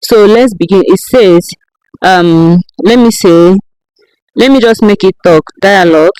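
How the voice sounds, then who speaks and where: A woman walking viewers through a how-to tutorial step by step, often pausing to check in with "okay?". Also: medium pitch, darkish tone, dry recording, low-quality recording. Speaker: tutorial creator. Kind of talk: screen-recorded how-to tutorial.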